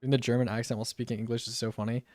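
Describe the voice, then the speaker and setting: A man's voice: medium pitch, level tone, very fast, a little mellow, no room sound, clean studio sound. A young man streamer chatting casually and slangily while he plays. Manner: laid-back and slangy, often says "bro". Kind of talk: casual live-stream chat.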